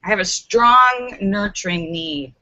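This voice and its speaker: Woman host, playful live-stream chatter, bright and sharp voice, dull lo-fi sound. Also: measured pace. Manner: playful, laughs often, acts out stories with squeaky voices. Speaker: livestream host. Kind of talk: casual live-stream chat reading viewer comments. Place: home in Los Angeles.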